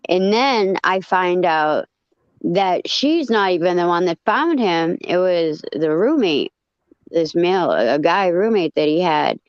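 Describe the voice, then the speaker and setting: A woman's voice: on the low side, measured pace, clear, resonant tone, no echo. Profane woman telling a story, lo-fi. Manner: blunt and profane, animated retelling. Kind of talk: casual storytelling.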